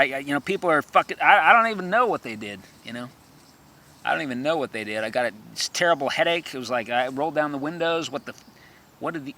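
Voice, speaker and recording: A man's voice: fairly high pitch, pushed and bright. A man in a rambling monologue who stammers, repeats himself and erupts into profane, threatening rants.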